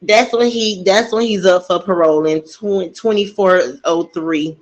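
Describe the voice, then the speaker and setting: A woman's voice: lowish voice, measured pace, muffled recording. A woman telling a true crime story casually into a desk microphone, getting emotional and outraged and talking straight to her listeners.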